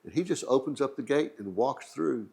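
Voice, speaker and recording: A man's voice: mid-range voice, expressive, normal speed, vocal fry, mellow, husky. A middle-aged man with a Texan accent, casually telling a rambling, joking travel anecdote as the host of a museum channel. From Texas. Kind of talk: casual storytelling.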